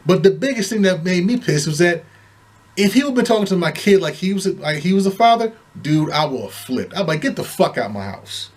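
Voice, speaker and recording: Brief: man, higher-pitched, lively swings, heated cussing rant to camera. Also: a little fast. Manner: heated, swearing, animated storytelling. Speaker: vlogger. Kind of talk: casual profane rant.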